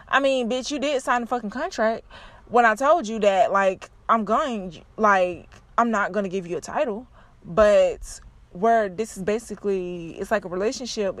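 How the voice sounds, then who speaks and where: A young woman talks straight to her viewers, blunt and full of profanity. Her voice sits a little high, and she tells her stories in an animated, unscripted way. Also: dry recording. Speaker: vlogger. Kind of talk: casual unscripted rant to viewers.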